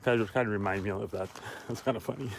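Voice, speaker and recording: A man's voice: on the low side, vocal fry, a little hiss or hum. Tired, winded man on a walk. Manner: repeats key lines for emphasis, with pauses. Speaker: motivational vlogger. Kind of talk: casual motivational talk while walking. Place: outdoors on a walk.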